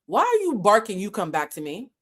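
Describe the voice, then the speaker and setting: A woman vlogger telling a story in a casual, animated, blunt way, with frequent swearing. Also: medium pitch, brisk.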